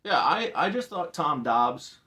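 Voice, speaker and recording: A man's voice: a little high, sing-song, measured pace, sharp tone. Laughing, chatty man reviewing a movie. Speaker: podcast co-host. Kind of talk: casual movie review chat.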